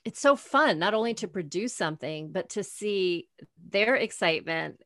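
In a dry, close-sounding room, a woman in her forties talks as an interview guest. Her voice sits in a middle pitch, and her storytelling is animated, full of acted-out dialogue and frequent laughter. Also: normal speed, no room sound. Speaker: guest, author. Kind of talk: conversational interview.

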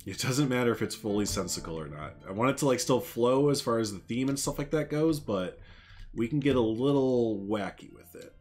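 A man's voice: mid-range voice, animated, a little fast, darkish tone, faint music behind. A young man chatting casually on a game live stream, laughing often and answering viewers.

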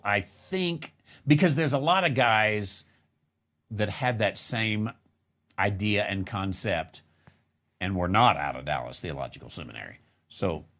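A man's voice: low-pitched, a bit bright. A man hosting a casual live question-and-answer show, rambling with many fillers and restarts and chuckling now and then. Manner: chuckles between remarks. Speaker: host answering viewer questions.

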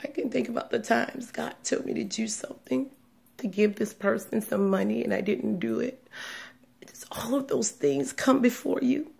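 A woman giving a personal religious testimony, speaking in a hushed, trembling way that often sinks into a whisper, close to tears. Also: on the high side, normal speed, creaky. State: tearful, on the verge of crying.

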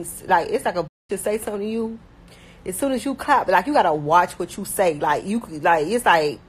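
Blunt fast-talking Miami woman. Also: lowish voice, husky, poor audio. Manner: fast, blunt, slangy talk with many fillers. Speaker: rapper talking about her life. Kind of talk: casual chat.

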